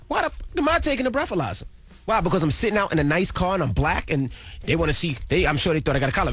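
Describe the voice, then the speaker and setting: A young man co-hosting a morning radio show, telling stories with lots of acted-out voices and exasperated high squeaks. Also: expressive, quick pace, slightly rough, no echo. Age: young adult. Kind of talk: animated morning radio storytelling.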